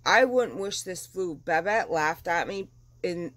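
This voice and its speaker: A middle-aged woman vlogging at home in a casual chat, chatty and animated, getting over the flu. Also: lowish voice, measured pace, no echo. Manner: chatty and animated, dramatic retelling. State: recovering from flu. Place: at home, windows open.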